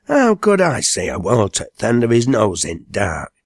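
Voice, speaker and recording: A man voicing a gruff, mocking old village mower with a broad Lancashire accent, blunt and scornful. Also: on the low side, wildly swooping pitch, normal speed, dry recording, clean studio sound, exaggerated voice.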